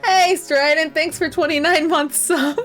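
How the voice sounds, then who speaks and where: While streaming a game, a woman chats casually in a high, steady, fairly bright voice at an unhurried pace, with faint music behind her. She's self-deprecating and laughs often as she plays.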